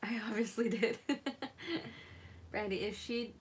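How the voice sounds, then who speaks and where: A woman's voice: fairly high pitch, steady tone, a little slow, slight background noise. A woman with a slightly raised voice hosts a live crafting session. She chats easily with her viewers as she works and breaks into giggles often. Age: adult mother. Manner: giggly, laughs often between remarks; chats with viewers while working. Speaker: craft livestream host. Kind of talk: casual chatty craft demo.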